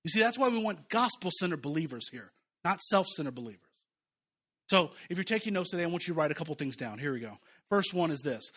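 A man's voice: on the high side, big pitch swings, very fast, fairly bright tone. A man preaching as pastor, talking conversationally to his church and rising to fervent emphasis. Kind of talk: sermon.

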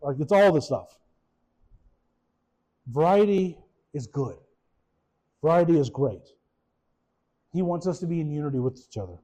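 Male pastor, warm and soft in tone, preaching in a chatty, lively way with questions to the room. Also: a little high, unhurried, pauses often, poor audio. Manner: animated, repeats words, asks the room questions. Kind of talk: conversational sermon.

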